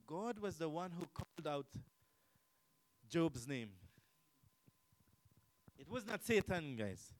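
A man preaching a sermon, asking the listeners questions and repeating key lines, swinging from loud to quiet. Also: on the high side, sing-song, slow pace, pauses often, rough recording. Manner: emphatic, repetitive, rhetorical questions, swings between loud and quiet.

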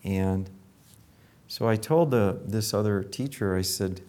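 An older man with a lowish voice tells stories from his dental practice in a relaxed, chatty way. He slips into other people's lines as he acts out quotes. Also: slow pace. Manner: animated anecdotes with acted quotes. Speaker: dentist. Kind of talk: casual storytelling.

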